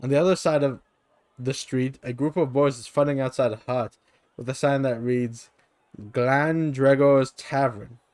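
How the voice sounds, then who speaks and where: A man's voice: mid-range voice, steady tone, moderate pace, darkish tone, dry recording. Brief: male streamer narrating a gamebook, mid voice, dry close sound. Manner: plain narration with offhand asides. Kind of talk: reading an interactive gamebook aloud. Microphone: streaming microphone.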